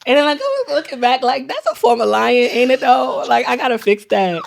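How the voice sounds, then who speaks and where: A woman in her thirties co-hosting a casual chat, animated and quick with stories and asides. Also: a little high, creaky. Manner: animated storyteller, laughs often, quick asides. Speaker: podcast co-host.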